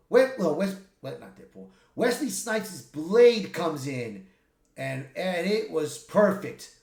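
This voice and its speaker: Excitable man with a rambling retelling. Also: sits high. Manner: rambling, excitable retelling with many restarts and swearing. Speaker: movie reviewer. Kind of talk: casual spoiler review retelling a film. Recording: echoey room.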